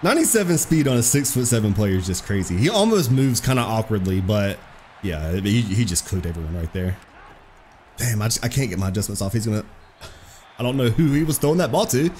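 Excitable young man commentating gameplay. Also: lowish voice, brisk, a little hiss or hum. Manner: excitable, swears, trash-talks opponent. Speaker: gaming streamer.

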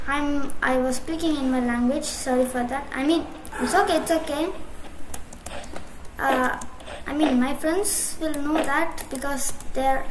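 A woman giving casual gameplay commentary as a streamer, excitable and apologetic, with sudden bursts of shouting. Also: high voice, unhurried. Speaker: mobile game streamer. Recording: echoey room, loud background noise. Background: loud ongoing noise and clicks.

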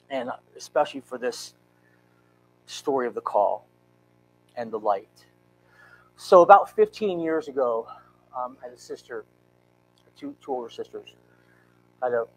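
A man in his fifties, a pastor, telling an emotional personal story in a church sermon with earnest, halting restarts. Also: mid-range voice, slight background noise, rough recording. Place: church sanctuary.

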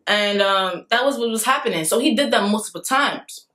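A young adult woman talking in a casual storytime vlog, dramatic and animated, laughing things off and acting out what people said. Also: mid-range voice, moderate pace. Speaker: vlogger.

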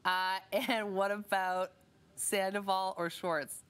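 A woman interviewing a guest on a morning TV show in a studio, upbeat and teasing, firing quick questions. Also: mid-range voice, little pitch movement, a bit bright, smooth. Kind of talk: breakfast TV interview.

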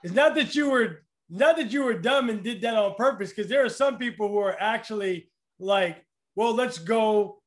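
A male interviewer with a very high voice. He stammers and reacts in amazement to what his guest tells him. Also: animated, moderate pace. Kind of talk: casual interview chat.

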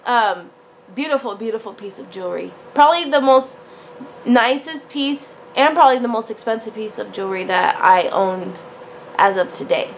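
A woman's voice: a little high, animated, moderate pace, slight background noise. A woman talking casually to camera about her jewelry, chatty and full of fillers, calling the viewers y'all and honey. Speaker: jewelry vlogger. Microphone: camera on a tripod.

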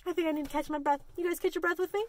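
A woman children's librarian leading a story time, talking in an animated, sing-song way and coaxing the children to join in. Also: very high voice, very fast, slight background noise.

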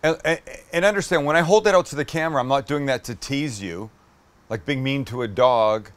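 A man's voice: mid-range voice, moderate pace. Man, middle-aged, cooking show host, enthusiastic, swears, talks to camera between bites. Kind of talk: casual cooking demo with tasting.

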